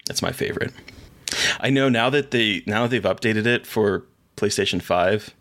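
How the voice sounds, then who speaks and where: On a podcast he co-hosts, a man chats casually about films and shows, rambling enthusiastically and restarting often. His voice runs on the low side and slightly bright, at a normal speed.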